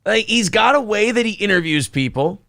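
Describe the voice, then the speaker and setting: A man's voice: sits high, lively intonation, a little fast, creaky, bright, forceful tone, dry recording, clean studio sound. A man co-hosting a casual talk show, laughing often and swearing freely as he talks. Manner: laughing, profane banter. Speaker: co-host. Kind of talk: casual chat.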